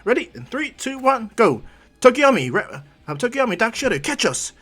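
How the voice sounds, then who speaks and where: An earnest teenage girl hero, voiced by a man, speaks high and lifted, with a hesitant stammer. The pitch climbs well above an ordinary speaking voice. She sounds eager to please. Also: lively intonation, brisk. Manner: hesitant, then brightly counting.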